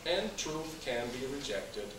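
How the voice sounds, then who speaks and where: Lively-voiced man lecturing in a hall. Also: medium pitch. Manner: measured, emphatic. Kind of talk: public lecture. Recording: echoey hall, mic far off, noisy.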